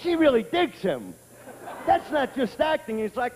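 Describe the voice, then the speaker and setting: Man, stand-up comedian, very high voice, profane, brash, shouting bursts, hall reverb, background noise. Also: big pitch swings, a little slow, some chatter behind. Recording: echoey hall with clear noise.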